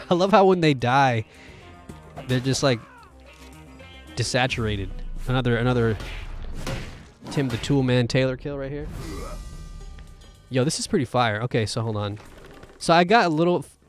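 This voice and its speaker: Excitable man commenting on gameplay. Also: medium pitch. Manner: excitable, jokey, exclamatory. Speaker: video game host.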